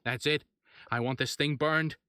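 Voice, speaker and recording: A man voicing an anxious, blustering male mayor who barks orders loudly. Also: fairly high pitch, steady tone, unhurried, clear, resonant tone, pitched above the performer's own voice. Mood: furious. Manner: loud, commanding, pressured.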